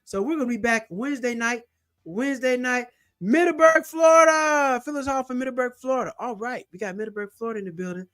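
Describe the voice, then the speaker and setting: A young man hosting a casual livestream, eagerly shouting out viewers and their cities and plugging his channels. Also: very high-pitched, fast. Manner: hyped, repetitive shout-outs to viewers. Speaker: livestream host.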